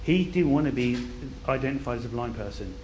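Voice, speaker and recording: A man preaching a sermon, telling a Bible story in an animated way and dropping to a quiet intensity for key points. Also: medium pitch, a little fast, soft background music.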